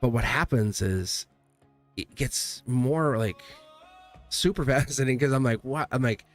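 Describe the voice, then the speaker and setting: A man's voice: mid-range voice, a little slow. A man reading tarot on a livestream, chatting casually, laughing often and rambling through stories where he keeps quoting himself. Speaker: tarot reader. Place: home studio. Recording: faint music behind.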